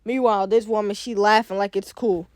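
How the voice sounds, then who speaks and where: A man's voice: sits high, steady tone, brisk, no echo. A young man reacting to a sad news story in casual, slang-heavy talk, his voice cracking with sadness. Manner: slangy, emotional, repeats "bro" and "like". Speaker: reaction video host.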